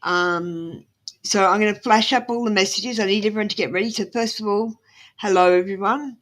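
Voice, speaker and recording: A woman's voice: mid-range voice, fairly quick, a bit bright. An Australian woman on a live stream giving tarot readings, talking in a rambling, apologetic way with lots of ums. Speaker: tarot reader. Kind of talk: casual live-stream chat.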